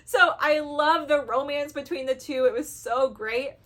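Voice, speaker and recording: High-pitched woman gushing about her fave books, super animated, acts out her reactions. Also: unhurried. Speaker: book reviewer. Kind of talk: casual chat to camera.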